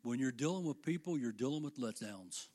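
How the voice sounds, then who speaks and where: A man's voice: mid-range voice, animated, a little fast, warm tone. An older man preaching a sermon to his congregation, with fervent delivery that rises and falls. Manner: fervent, rising and falling delivery.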